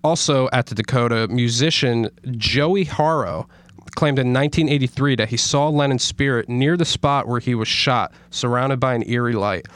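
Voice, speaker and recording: A man's voice: mid-range voice, moderate pace, fairly bright tone, no room sound. A man co-hosting a casual podcast, reading stories aloud with stumbles and frequent laughter. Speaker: podcast co-host.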